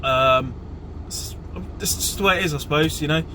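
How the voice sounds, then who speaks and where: A man's voice: fairly high pitch, moderate pace, background noise. Chatty man fishing outdoors. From United Kingdom. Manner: chatty, excitable, rambling with restarts. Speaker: fishing vlogger. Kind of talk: casual outdoor vlog talk. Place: riverbank outdoors in winter.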